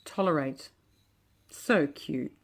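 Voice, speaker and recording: A woman talking casually and reflectively as she walks through her homemade oracle cards, gentle and chatty. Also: sits low, slow pace, creaky. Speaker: oracle deck creator.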